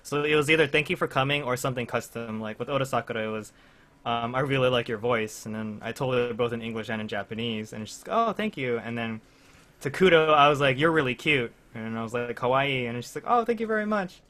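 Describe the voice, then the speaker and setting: A man's voice: medium pitch, quick pace, a bit bright. A young man casually chatting with friends on a podcast, rambling through a story with lots of fillers and laughter. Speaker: podcast co-host. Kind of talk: casual chat among friends.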